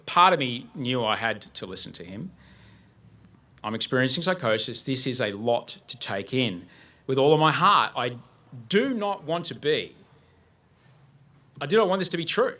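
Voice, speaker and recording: Speaking on stage as a guest, a man with a medium-pitched, sharp voice vividly recounts a personal story for an audience, dramatizing the panic he felt.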